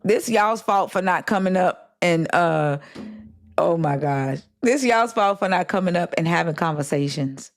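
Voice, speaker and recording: A woman's voice: lowish voice, expressive, a little slow. A woman hosting a casual livestream chat, blunt and exasperated, swearing freely and drawling slang. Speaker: livestream host.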